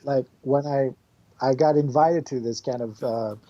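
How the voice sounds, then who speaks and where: Male guest, non-native English speaker, animated storyteller, laughs a lot, mid-pitched voice. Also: measured pace, muffled recording. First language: not English. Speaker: music composer, guest. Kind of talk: casual podcast chat.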